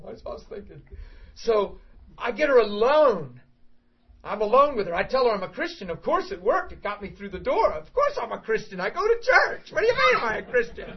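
Middle-aged male preacher, high voice, lively storyteller, muffled lo-fi sound. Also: fairly quick, slightly rough. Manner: animated storytelling, bursts into shouting and laughter. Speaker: pastor. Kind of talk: sermon. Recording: dull lo-fi sound.

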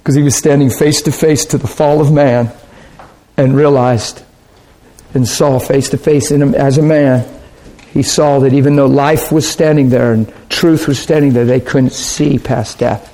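A man's voice: mid-range voice, steady tone, measured pace, dark tone. A man preaching a sermon in an earnest, conversational way, asking his listeners rhetorical questions.

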